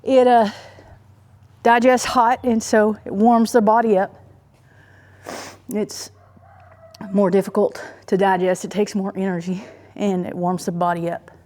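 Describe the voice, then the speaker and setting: A woman's voice: medium pitch, flat delivery, a little slow, pauses often, a little mellow. A woman from Oklahoma talking casually while she does farm chores, a little out of breath and rambling with many fillers. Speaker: homesteader vlogger. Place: outdoors on a farm.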